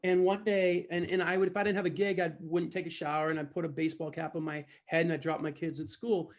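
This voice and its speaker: A man's voice: on the high side, level tone, quick pace. A man speaking as a guest sales trainer on a video call, telling a humorous story in a playful, self-mocking way.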